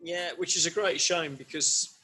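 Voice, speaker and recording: A man hosting a podcast, chatting and signing off in a brisk, upbeat manner. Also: a little high, pushed and bright, soft background music. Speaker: podcast host. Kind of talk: casual chat and sign-off.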